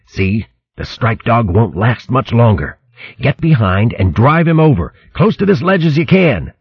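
A man's voice: mid-range voice, very animated, measured pace, husky, dry recording, pitched above the performer's own voice, full character voice. A man voicing a sly male vermin soldier hissing orders, on a dull lo-fi recording. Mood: scheming. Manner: whispering orders.

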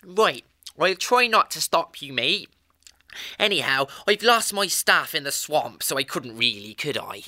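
A cheeky young hedgehog thief in a storybook drama, voiced by a performer, chirpy and slangy, calling everyone mate. The voice is bright and bouncy, swooping up and down. It sounds close and dry, with no room around it. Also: medium pitch, big pitch swings, measured pace, no echo. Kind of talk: full-cast audiobook acting.

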